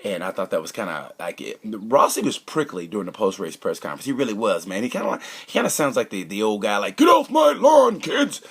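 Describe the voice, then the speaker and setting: A man's voice: lowish voice, animated, fast talker, few pauses, husky. A man giving a casual, opinionated race review. He rambles, cracks jokes and sometimes drops to a conspiratorial whisper. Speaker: motorcycle racing commentator.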